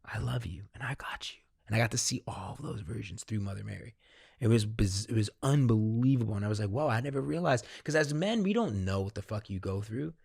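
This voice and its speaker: A man, a podcast guest, candidly recounting a personal experience in casual, profanity-laced talk that grows animated when he quotes himself. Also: lowish voice, quick pace, gravelly, breathy edge, dry recording, studio quality. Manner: swears freely, animated when quoting himself. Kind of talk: candid conversational storytelling.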